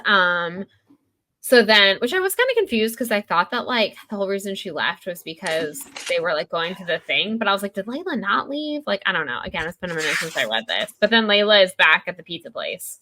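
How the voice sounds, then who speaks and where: A woman's voice: mid-range voice, big pitch swings, fairly quick, pushed and bright, a little hiss or hum. A woman co-hosting a podcast, chatting casually about a book and retelling scenes with lots of "like.". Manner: chatty, heavy use of "like", retells scenes with quoted lines. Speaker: podcast co-host.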